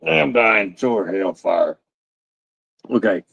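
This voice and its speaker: A middle-aged man with a gravelly, creaky voice, chatting casually while reacting to a video. He rambles, laughs often and swears a lot. The recording sounds dull and dry. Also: fairly low pitch, fairly bright tone, no room sound.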